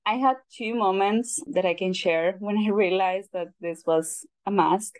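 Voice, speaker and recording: A woman's voice: medium pitch, a little slow, no room sound. A woman from Mexico with a Mexican Spanish accent, speaking English as a second language and telling her story earnestly as a guest on a panel. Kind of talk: casual panel conversation.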